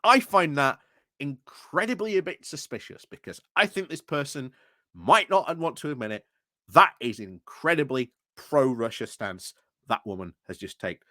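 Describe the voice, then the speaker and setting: A man's voice: mid-range voice, expressive, moderate pace, bright, forceful tone, dry recording, clean studio sound. A man giving indignant reaction commentary on a political speech, repeating rhetorical questions and stumbling over his words.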